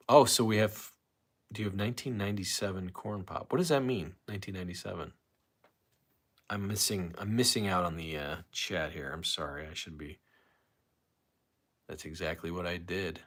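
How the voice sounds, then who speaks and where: A man's voice: low voice, a little fast, a bit bright. A man hosting a casual solo livestream, rambling and reading viewer comments aloud with frequent restarts. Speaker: livestream host.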